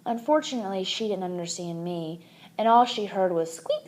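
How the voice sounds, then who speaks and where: A woman narrating a children's book aloud in an expressive, animated way. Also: medium pitch, moderate pace. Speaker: audiobook reader.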